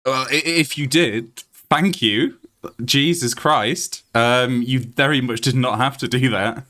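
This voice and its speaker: A British man live-streaming a game, excitable and laughing often, swearing freely while he plays and talks to viewers. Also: medium pitch, slow.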